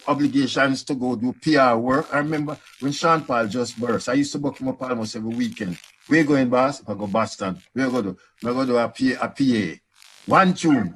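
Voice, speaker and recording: A Jamaican man on a discussion panel, his voice husky and a bit breathy at an ordinary middle pitch. He recounts industry stories with lively quoted back-and-forth and a relaxed island lilt. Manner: animated storytelling with quoted dialogue. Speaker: panelist, music industry veteran.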